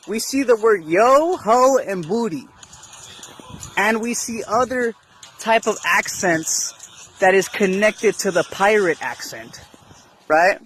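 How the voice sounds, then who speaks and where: A man talking casually and slowly, peppering his points with slang and a constant "right?". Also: sits high, a bit bright, a little hiss or hum. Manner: slangy, keeps asking "right?". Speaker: commentator in a clip. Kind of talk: casual monologue.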